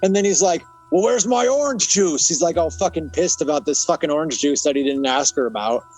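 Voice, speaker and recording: A man's voice: a little high, fast, a little mellow, soft background music, low-quality recording. A young man co-hosting a podcast, recapping a horror film in loose, profane chat and laughing often. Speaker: podcast co-host. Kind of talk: casual movie review chat.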